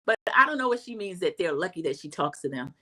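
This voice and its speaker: A middle-aged woman, chatting through a casual TV recap and acting out quotes in a high voice. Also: sing-song, fast, pushed and bright. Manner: chatty, acts out quotes in a high voice, says "y'all". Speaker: recap host.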